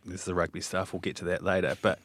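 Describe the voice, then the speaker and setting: Teasing low-voiced English podcast host. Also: male voice, steady tone, fast, fairly bright tone. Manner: teasing, laughs often, asks probing questions. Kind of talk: casual interview. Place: small studio.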